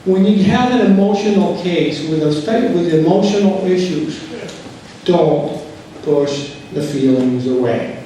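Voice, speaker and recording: Slow-spoken man lecturing in echoey room. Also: on the high side, lively intonation, dark tone, slight background noise. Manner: slow, deliberate, acts out quoted dialogue. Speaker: settlement conference trainer. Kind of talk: training lecture. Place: courtroom or conference room. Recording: far-off mic in a very echoey room.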